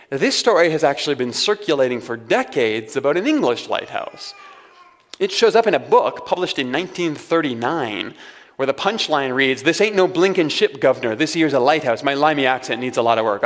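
A man's voice: fairly high pitch, fairly bright tone. A man preaching a sermon as pastor, talking to his congregation in a conversational way with wry humorous asides. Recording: long hall reverb.

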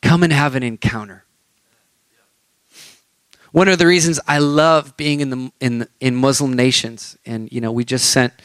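A man preaching a sermon, telling a story and acting out the dialogue with lively energy. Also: mid-range voice, no echo.

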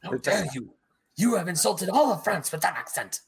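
A man's voice: sits high, big pitch swings, moderate pace, vocal fry, over a noisy crowd. A man in his thirties co-hosting a podcast, dry and mock-grumpy in casual chat. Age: 30s. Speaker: podcast co-host.

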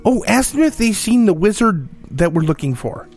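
A high-voiced man with a lively, swooping tone plays a tabletop game. He keeps asking curious questions about the rules. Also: normal speed, faint music behind. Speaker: player. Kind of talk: casual tabletop game play.

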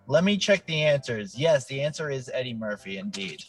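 A man's voice: mid-range voice, fairly quick. Guy on a podcast reading trivia cards, goofy and bouncy, voice swings all over, faint music behind. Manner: playful, jokey, animated. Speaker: podcast co-host, quiz reader. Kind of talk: casual chat.

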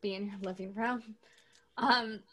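Woman co-host with a crisp, bright tone, hesitant and soft-trailing. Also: mid-range voice, steady tone, unhurried. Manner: hesitant, many fillers, trails off softly. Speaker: podcast co-host. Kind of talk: casual chat.

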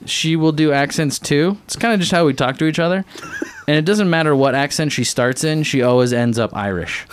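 A young man hosting a college radio show, bantering in a rambling, joking, deadpan way. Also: on the high side, fairly quick, a little hiss or hum. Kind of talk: casual on-air banter.

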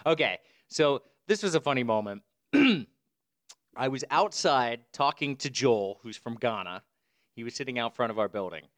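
A man's voice: medium pitch, animated, moderate pace, a bit bright. A man chatting casually as co-host, telling a rambling story and laughing often. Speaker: podcast co-host. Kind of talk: casual chat. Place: Brooklyn.

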